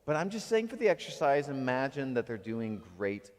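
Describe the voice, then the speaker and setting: Animated male pastor in a hall. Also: mid-range voice, moderate pace. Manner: animated, swings between acted outbursts and quiet reflection. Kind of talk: sermon. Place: church sanctuary.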